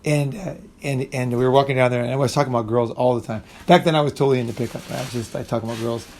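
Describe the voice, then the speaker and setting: A man's voice: mid-range voice, fairly even intonation, racing, darkish tone. A middle-aged man telling a rambling, profane story in casual talk, often restarting sentences and acting out what people said. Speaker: channel host.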